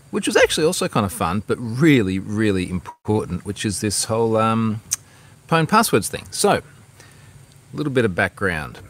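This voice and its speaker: Low-voiced man chatting on a livestream. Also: fairly bright tone, a little hiss or hum. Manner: rambling, restarts mid-sentence, reads viewer comments aloud. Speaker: livestream host. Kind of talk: casual livestream chat. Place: outdoors at home with a view.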